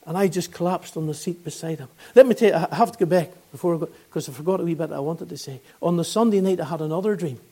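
Northern Irish male preacher, 60s, high-pitched, earnest and fervent gospel storyteller. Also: fast, hardly any pauses, mellow. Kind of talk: gospel sermon testimony.

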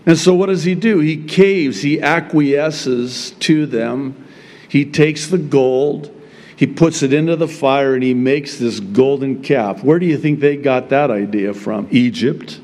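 A man preaching a sermon as pastor, opening in prayer and then speaking with slow, emphatic delivery. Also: mid-range voice, darkish tone, in a large hall.

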